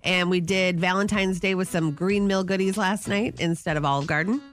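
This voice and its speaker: A woman's voice: lowish voice, faint music behind. A middle-aged woman co-hosting a morning radio show, chatting casually and rambling through her day. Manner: chatty, rambling, quick asides. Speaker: radio co-host.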